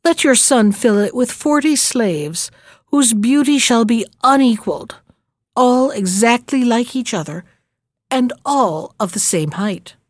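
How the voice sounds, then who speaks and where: A woman's voice: fairly high pitch, expressive, a little slow, dry recording, studio quality. A woman voicing a proud, scheming male sultan in a storybook reading, with a commanding, self-satisfied manner.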